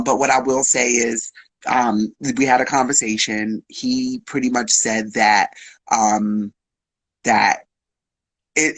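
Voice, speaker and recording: A man's voice: medium pitch, fairly bright tone, husky, no echo, rough recording. A man speaking as a guest, openly telling a personal story in a frank, emotional way, with slang and swearing.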